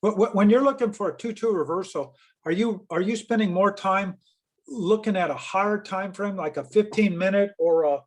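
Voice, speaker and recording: Halting man asking questions, high voice. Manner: halting, repeats words when starting. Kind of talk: casual Q&A.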